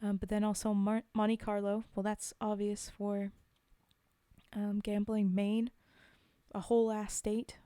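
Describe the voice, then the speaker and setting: A woman's voice: medium pitch, monotone, measured pace, mellow, smooth, dry recording, clean studio sound. A woman streamer chatting casually between poem readings, giggling and filling gaps with ums. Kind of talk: casual chat between poems.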